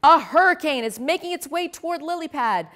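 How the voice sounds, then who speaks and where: A woman's voice: high-pitched, expressive, brisk, a bit bright, voice pushed up. A woman voicing a grown-up female frog weather reporter in a storybook, with an announcer-like delivery. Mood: upbeat.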